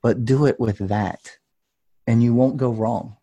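A man in his thirties talks as a podcast guest, warm and mellow in tone. He tells his story in an earnest, intense way, and at times he gets loud and passionate. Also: medium pitch, fairly even intonation, unhurried. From United States. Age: 30s. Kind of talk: casual storytelling.

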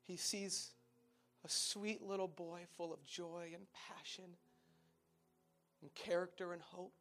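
A man preaching a sermon, speaking tenderly and pleadingly, often dropping to a soft, quiet voice. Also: sits high, steady tone, slow pace, soft background music. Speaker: pastor.

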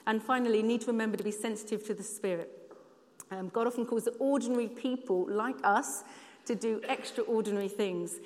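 A woman speaks earnestly from the front of a church hall, at a mid pitch that sits in the middle range for a woman. She tells her stories in a plain, conversational way, and her voice trails off into a long reverb that fills the room. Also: moderate pace, darkish tone. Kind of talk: sermon with personal stories.

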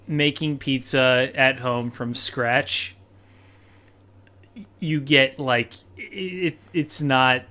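A man's voice: medium pitch, fairly even intonation, extremely slow, pushed and bright. A young man co-hosting a casual podcast, talking in a laid-back, rambling way full of filler words. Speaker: podcast co-host. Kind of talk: casual chat.

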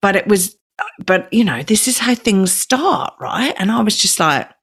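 Lively Australian woman podcast host. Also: unhurried, slightly rough. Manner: animated, swoops high when quoting herself. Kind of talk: casual chat.

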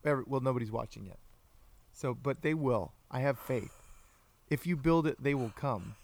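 A man's voice: medium pitch, normal speed, darkish tone, dry recording. A man hosting a casual livestreamed podcast, chatty and playful, greeting viewers by name. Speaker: podcast host.

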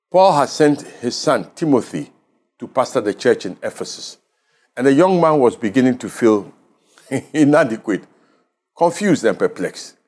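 A man with a Ghanaian English accent preaching a radio sermon as pastor, measured and emphatic, leaning on key words. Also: fairly low pitch, a little mellow.

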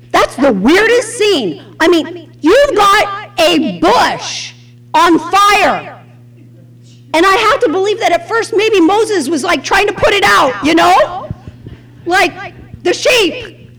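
A middle-aged woman with a Southern US accent teaches a Bible lesson. Her voice sits high and swings widely in pitch. She takes her time, and she acts out every quote she tells. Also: fairly bright tone. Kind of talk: sermon.

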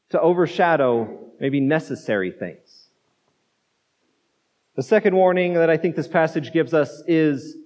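High-voiced man preaching in a reverberant hall. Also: darkish tone. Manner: conversational, repeats words, acts out quotes. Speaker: pastor. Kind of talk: sermon. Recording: dull muffled sound in a reverberant hall.

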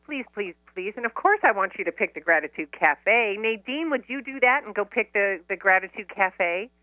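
A woman's voice: mid-range voice, expressive, moderate pace, no echo, phone-quality sound. A woman hosting a radio show, talking casually with an effusive, affectionate, upbeat manner.

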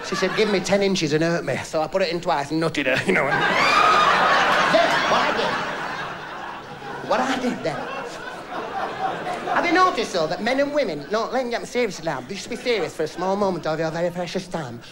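Man, stand-up comic, broad dialect, live club recording, loud crowd and background noise. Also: high voice, big pitch swings, normal speed, long pauses. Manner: broad dialect storytelling, acts out characters' lines. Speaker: stand-up comedian. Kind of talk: stand-up comedy routine.

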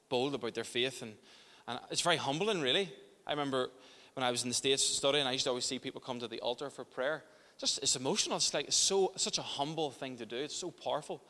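A man's voice: medium pitch, sharp tone, big-room sound. A man preaching a sermon as pastor in a church, impassioned, often restarting and repeating words.

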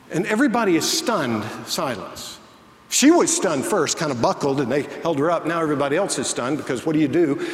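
Animated pastor in an echoey hall. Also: male voice, fairly high pitch. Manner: animated, acts out quoted voices in the story. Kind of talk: sermon storytelling. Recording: echoey church hall, faint ambience.

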